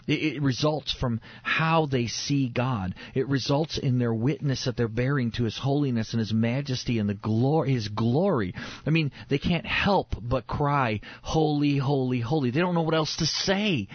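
A man's voice: mid-range voice, normal speed, husky, dry recording. A man teaching the Bible in a sermon style, emphatic and repeating key phrases for stress. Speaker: preacher on a faith show. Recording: dull lo-fi sound.

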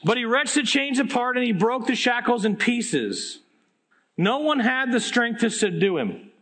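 High-voiced man preaching a lively sermon. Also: unhurried. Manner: animated storytelling, casual slang. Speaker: pastor.

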